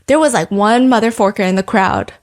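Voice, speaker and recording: A woman hosting a podcast, telling a story in casual chat, animated, laughing often and swearing casually. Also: medium pitch, a little fast. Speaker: podcast host.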